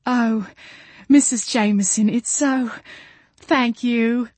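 A woman's voice: fairly high pitch, steady tone, slow pace, darkish tone, slightly rough, dry recording, pitched above the performer's own voice. A woman voicing a gushing, teary pregnant young werewolf woman, sighing and squealing her lines. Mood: tearful.

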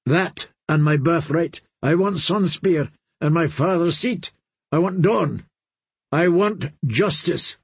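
A poised, scheming princess speaks with calm persuasion, as a male narrator puts her on. Her voice is raised well above his own, slow and slightly husky. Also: a little high, no room sound, voice pushed up, full character voice. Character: proud, scheming young princess.

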